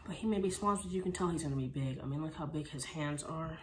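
A Texas dog breeder narrates a casual vlog, chatting away and slipping into sweet baby talk. Her voice is low-pitched and quick, recorded in an echoey room with faint noise.

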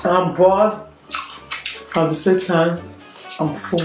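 A woman's voice: fairly low pitch, fairly even intonation, takes it slowly. Brief: woman, wife in a couple vlog, teasing and offhand, echoey room with faint music. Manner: teasing and offhand, talking to viewers. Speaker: vlogger, wife.

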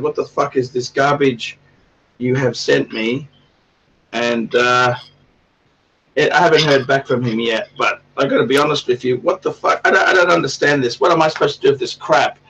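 A man's voice: mid-range voice, creaky, fairly bright tone, husky, far from the mic, dull audio. A man hosting a casual livestream chat, rambling and swearing a lot in a crude way. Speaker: livestream host.

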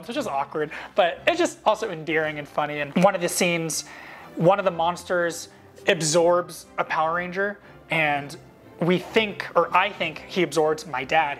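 A man in his thirties casually telling behind-the-scenes stories to camera, animated and acting out quoted lines in a higher voice. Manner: animated, jumps up in pitch to act out quoted lines.

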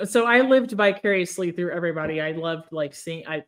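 A woman's voice: on the low side, expressive, brisk. A woman hosting a casual podcast chat, laughing often and asking her guests questions. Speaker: podcast host.

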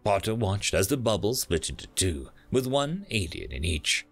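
A man narrating a sci-fi short story as an audiobook, telling it dramatically with small pauses. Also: fairly low pitch, sing-song, vocal fry, fairly bright tone, soft background music. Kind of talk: scripted narration.

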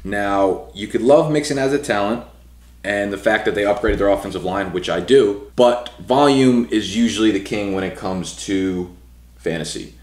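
Laid-back guy, low voice. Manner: fast casual delivery with fillers like "you know". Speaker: fantasy football analyst. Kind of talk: casual rankings breakdown. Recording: echoey room.

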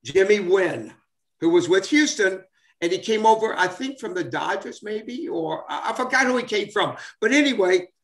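A man's voice: sits high, expressive, moderate pace, fairly bright tone. A man in his seventies telling old sports stories casually, rambling with many fillers and restarts. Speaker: former baseball player, guest. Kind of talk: casual storytelling. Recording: roomy echo.

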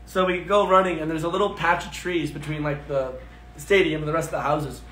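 A man hosting a livestream, chatting casually, playing songs and telling animated, self-deprecating stories. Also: fairly high pitch, normal speed, echoey room. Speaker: livestream host.

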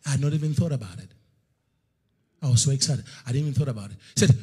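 A middle-aged male preacher telling a story in a sermon, swinging between loud slow outbursts and hushed near-whispers. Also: medium pitch, husky. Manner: storytelling, acts out God's voice in loud slow bursts.

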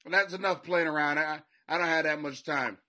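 A man's voice: fairly high pitch, moderate pace, sharp tone. A man hosting a comedy podcast from his basement, rambling and swearing and laughing at his own jokes. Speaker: podcast host and comic. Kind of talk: loose profane comedy monologue. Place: home basement.

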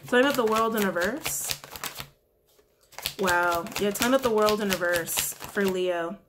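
A woman's voice: mid-range voice, moderate pace, noisy background. A woman giving a casual weekly tarot reading, chatty and blunt, who swears freely and keeps repeating her questions to the cards. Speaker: tarot reader.

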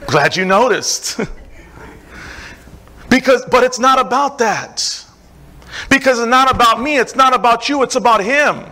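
A man's voice: very high voice, animated, measured pace, long pauses, sharp tone. A middle-aged man preaching a sermon as pastor, with an emphatic, repetitive cadence and casual asides.

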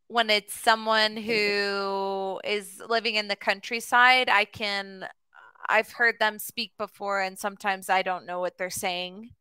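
A woman from the US chats with a student on a video call, her voice bright and very clear. She talks in a friendly, easygoing way with plenty of fillers. The sound is dry and close. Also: mid-range voice, dry recording. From United States. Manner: friendly, chatty, many fillers. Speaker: online English tutor. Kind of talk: casual conversation class.

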